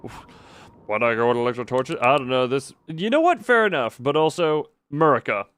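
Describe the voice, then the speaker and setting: A man's voice: medium pitch, expressive, fairly quick, a bit bright, smooth. A man streaming a horror game, giving rambling, jokey, self-mocking commentary as he plays. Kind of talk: casual gameplay commentary.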